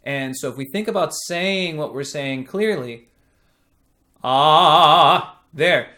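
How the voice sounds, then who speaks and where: A man's voice: fairly high pitch, expressive, fairly bright tone. A man teaching singing, explaining vocal technique patiently and demonstrating sung vowels. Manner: slow, patient, thoughtful delivery.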